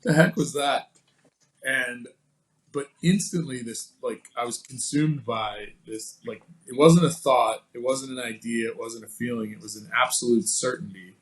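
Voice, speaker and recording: A man guesting on a podcast, telling a personal story in a casual, animated way and acting out the quoted dialogue. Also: mid-range voice, unhurried, low-quality recording. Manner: casual, many fillers like "like" and "you know".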